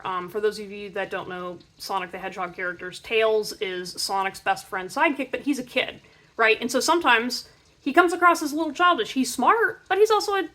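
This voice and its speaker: A young woman giving a casual pick-a-card tarot reading in a chatty, animated way, full of filler words. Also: medium pitch.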